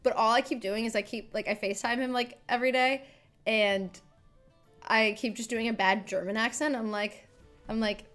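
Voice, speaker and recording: A woman streamer chatting casually and rambling as she reacts to videos. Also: on the high side. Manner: chatty, rambling, self-deprecating.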